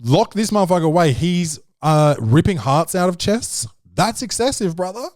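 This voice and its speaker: In a home podcast studio, a male host delivers a jokey, profane film-review rant, drifting into quoted voices as he rambles. He has a high, a little mellow voice with lively intonation and a moderate pace. The audio is clean, with no echo.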